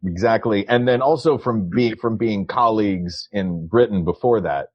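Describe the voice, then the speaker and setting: A man with a lowish voice co-hosting a podcast from home, defending odd points with playful, deadpan logic. His home mic sounds slightly dull and lo-fi. The sound is dry, with no room echo. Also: normal speed, breathy edge. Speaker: podcast co-host. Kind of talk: casual chat. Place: his home, recording remotely.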